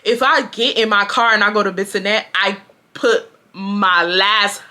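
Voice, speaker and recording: A young woman, telling a storytime to her viewers in an animated, slangy way, full of asides and restarts. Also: medium pitch, unhurried. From Houston, Texas. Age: 20s. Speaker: storytime vlogger. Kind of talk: casual storytime.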